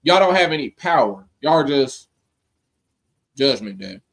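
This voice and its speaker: A man co-hosting a casual wrestling podcast, talking in a slangy, animated way and acting out quotes. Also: mid-range voice, measured pace, gravelly. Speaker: podcast co-host.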